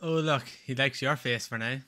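A man's voice: medium pitch, normal speed, sharp tone. A man chatting casually on a live game stream, rambling, swearing freely and laughing often.

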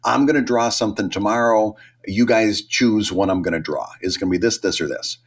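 A man's voice: lowish voice, fairly quick. A middle-aged man co-hosting a podcast in casual chat, telling stories and acting out quotes. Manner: chatty, animated, acts out quotes. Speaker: podcast co-host.

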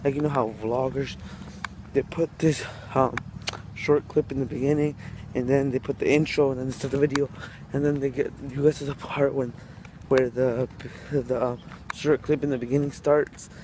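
A young man vlogging outdoors while walking down a city street, telling a story in excited slang and calling his viewers bro. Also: medium pitch, normal speed, noisy background. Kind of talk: casual vlog chat.

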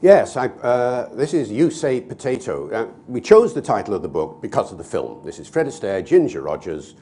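A man's voice: medium pitch, very animated, normal speed, dark tone, a little hiss or hum. A man giving an expansive online talk, explaining with many asides. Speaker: language expert.

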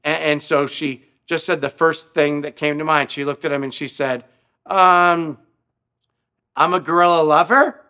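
A man's voice: fairly high pitch, little pitch movement, normal speed, few pauses, a bit bright. A male pastor telling a story in a sermon, earnest, often repeating his words as he speaks. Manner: stammering repetitions, earnest.

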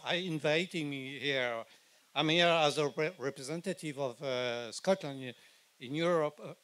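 A slow-speaking older man with a French accent, French being his first language. He delivers an outdoor rally speech in halting, filler-heavy phrases, his voice sitting a little high for a man. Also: fairly bright tone, no room sound. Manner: hesitant, halting with many fillers.

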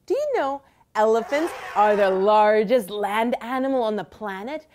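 A woman leads a bilingual lesson for young children. She talks slowly and clearly in an encouraging sing-song. Her voice sits a little high and swoops widely. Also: faint music behind. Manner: slow, lively, encouraging sing-song delivery. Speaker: children's teacher host.

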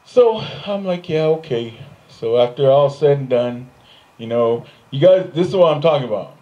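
Animated male stand-up comedian. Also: moderate pace, muffled recording. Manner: animated storyteller, jumps to high put-on voices for other people; laughs often at his own jokes. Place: stage in front of a live audience.

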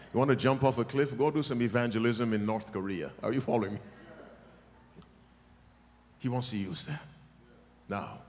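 A male preacher giving a revival sermon, emphatic and teasing, with sudden loud bursts. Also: on the low side. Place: large church hall. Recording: long church hall reverb.

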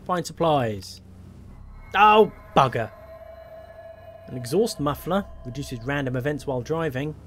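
While playing a horror game, a man comments wryly and mocks himself as he thinks out loud, with faint game music behind him. He talks at a normal speed in a medium pitch, with few pauses.

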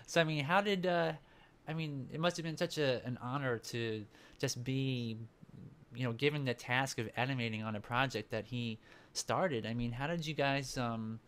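A man's voice: mid-range voice, fairly bright tone, clear, resonant tone. Eager male podcast host. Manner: eager, searching for words while asking questions. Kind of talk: casual interview.

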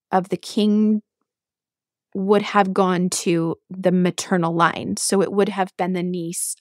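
A woman podcast host retelling a myth in an animated, chatty way, with asides to the listener. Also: medium pitch, no echo, studio quality.

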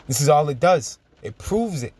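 A man preaching and teaching from scripture, emphatic and chuckling, drawing out verses slowly as he reads. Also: fairly high pitch, sing-song, darkish tone, slightly rough. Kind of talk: sermon-style Bible teaching.

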